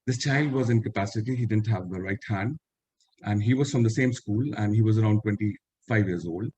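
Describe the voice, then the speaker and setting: A man's voice: on the low side, brisk, dark tone, husky, highs cut off. An older man with an Indian English accent, a retired army officer giving an earnest storytelling talk over a video call and repeating the lines he wants to stress. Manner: earnest, quotes others in direct speech, repeats key lines. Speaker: retired army general, webinar speaker.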